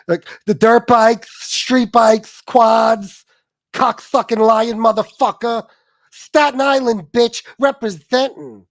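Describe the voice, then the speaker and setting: A man's voice: extremely high pitch, slow pace, no echo, voice pushed up. A man doing an impression of an aggressive, profane tough guy from a boxing gym, hurling threats. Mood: taunting.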